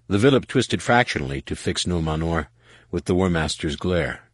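A man reading scripted audiobook narration in a measured, even way. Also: extremely low pitch, no echo.

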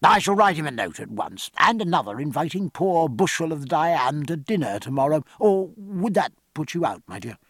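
A bluff, booming naval captain, voiced by a man reading a novel aloud. His speech swings up and down with lively energy, over a slightly husky tone. The sound is close and dry. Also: moderate pace, hardly any pauses, no room sound, exaggerated voice. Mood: brisk. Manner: bluff, booming, old-fashioned sailor's talk.

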